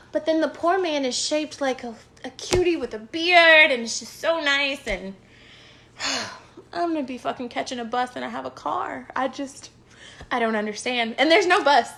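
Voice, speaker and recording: A young woman with a high voice vents to her followers in a loose, rambling confessional. She is frank and self-mocking, trailing off into sighs and half-finished thoughts. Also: moderate pace, vocal fry, sharp tone. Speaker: vlogger. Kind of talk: casual confessional rant to camera.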